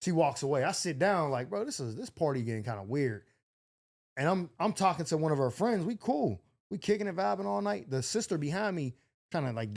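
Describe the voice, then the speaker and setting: A young man telling a wild story in casual chat, animated, swearing freely and acting out the other people's lines. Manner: animated, acts out quotes with big pitch jumps, swears freely. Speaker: podcast host.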